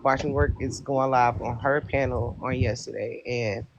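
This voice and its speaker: A man joining a live stream as a guest, calm and methodical, building his argument one pointed question at a time. His voice sits at a middle pitch. He comes through a noisy line with faint clicks behind him. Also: moderate pace, dull audio.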